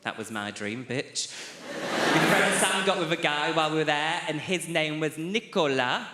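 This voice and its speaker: A man, doing a stand-up routine on a theatre stage with animated, camp storytelling and sharp asides. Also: a little high, moderate pace, very noisy. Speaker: stand-up comedian. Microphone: handheld stage mic. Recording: roomy live theatre sound. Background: audience laughter.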